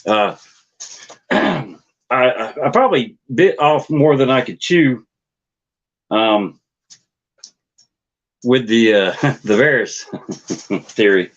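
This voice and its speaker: A man hosting his own theory channel, talking casually and haltingly on a livestream, with lots of fillers and restarts. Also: medium pitch, animated, highs cut off. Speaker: YouTube theory channel host. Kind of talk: casual rambling livestream chat.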